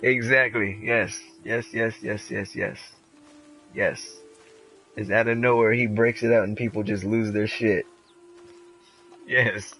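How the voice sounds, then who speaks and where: A man's voice: lowish voice, fairly even intonation, slow pace, long pauses, bright, forceful tone, faint music behind, poor audio. A young man chatting casually and crudely while playing a game, often slipping into silly impressions. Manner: crude, joking, full of impressions. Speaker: gamer commentating his play. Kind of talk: casual let's-play chat.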